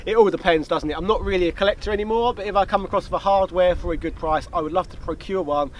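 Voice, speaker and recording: Guy doing a casual q&a, jokey asides, high-ish voice. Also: slight background noise, rough recording. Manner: chatty, jokey, quick asides. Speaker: YouTube host. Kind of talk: casual Q&A chat. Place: outdoor location, light background noise.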